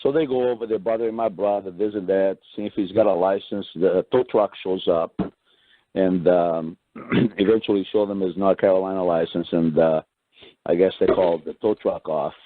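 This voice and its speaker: A man casually telling a story, acting out what others said in a higher voice and often adding "right?" and clearing his throat. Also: moderate pace, no echo. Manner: animated retelling, acts out quoted voices higher, keeps adding "right?". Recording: dry tinny phone-line sound.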